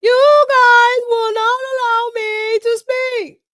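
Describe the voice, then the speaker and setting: A woman putting on the voice of an indignant woman politician who yells at the top of her lungs to demand the floor. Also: very high-pitched, little pitch movement, takes it slowly, no room sound, studio quality, voice pushed up, full character voice. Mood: shouting.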